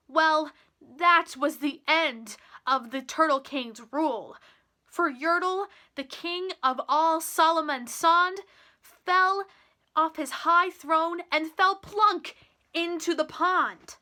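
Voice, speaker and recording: Slow expressive teen girl reading a storybook. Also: high-pitched. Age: teens. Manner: slow, expressive read-aloud. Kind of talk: reading a children's picture book aloud.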